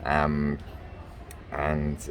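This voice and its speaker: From a small hotel room, an Englishman who vlogs and makes fairies wanders through a travel anecdote, stumbling over ums and restarts. He speaks with a rumbling low, monotone voice, extremely slowly. Some slight background noise comes through.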